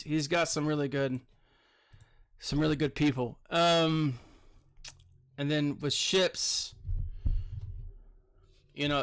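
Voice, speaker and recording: A man with a somewhat high-pitched voice gives relaxed commentary on his game. He sounds a little tired, and his talk wanders with plenty of fillers and restarts. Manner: rambling, filler-heavy, chatty. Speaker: teacher. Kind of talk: casual gameplay commentary.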